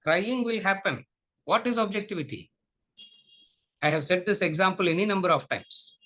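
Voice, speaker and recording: Bright-voiced Tamil-accented man lecturing. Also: sits high, animated, a little fast. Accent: Tamil English. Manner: repetitive, questioning, mixes Tamil into English. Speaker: spiritual teacher.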